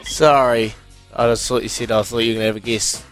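A man with a New Zealand accent hosting a breakfast radio quiz, bantering quickly and cheekily with callers. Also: mid-range voice, steady tone, faint music behind. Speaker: radio quizmaster.

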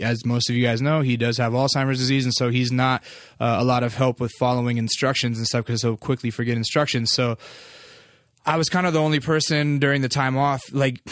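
A man's voice: medium pitch, no room sound, studio quality. A man in his thirties telling a personal family story in a loose, candid, filler-heavy way, swearing freely. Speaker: vlogger.

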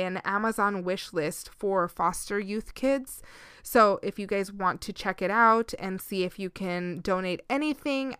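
A woman's voice: mid-range voice, a bit bright, clean tone, dry recording, clean studio sound. A young woman hosting her own podcast, chatting candidly and emotionally, now and then dropping in Spanish words. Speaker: podcast host. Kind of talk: casual solo podcast chat.

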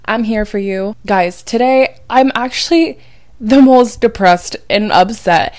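A young adult woman hosting a casual podcast as a dating coach, chatty, emphatic and confiding, sounding low and drained after a night of crying. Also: unhurried, darkish tone, no echo. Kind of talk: casual chat.

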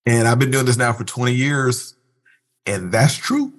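In a conversational interview, a male pastor speaks in a mid-range voice at a moderate pace. He comes across as earnest and reflective, occasionally breaking into animated imitations.

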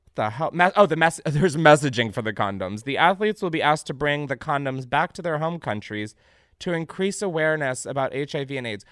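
Young male podcast host, sarcastic and foul-mouthed, pitch jumping all over, dry close sound. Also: brisk, dry recording. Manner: animated, sarcastic, swears freely, breaks into laughter. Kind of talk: casual comedic news chat.

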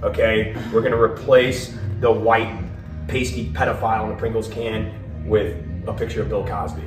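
A man doing a crude, profane stand-up comedy set, moving between low mutters and loud punchlines. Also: flat delivery, normal speed. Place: live venue. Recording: echoey venue with music, from far off.

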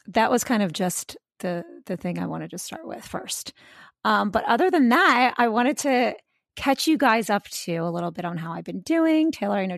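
A woman's voice: mid-range voice, vocal fry, dry recording, clean studio sound. A woman co-hosting a podcast in casual, rambling chat, full of fillers and restarts. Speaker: podcast co-host.

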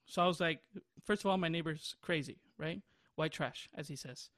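A high-voiced young man in his twenties rambles through a story on a podcast, often breaking into laughter. The sound is dry and close, with no room around it. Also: moderate pace, a bit bright, no room sound. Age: 20s. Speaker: podcast host. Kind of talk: casual chat.

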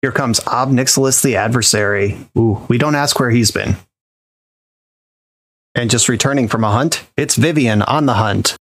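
A man's voice: mid-range voice, moderate pace. Man doing mock live-report patter. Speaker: award presenter.

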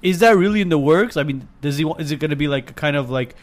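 A male podcast host with a slightly high voice. He asks questions and jokes in a relaxed chat. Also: fast. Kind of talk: casual interview chat.

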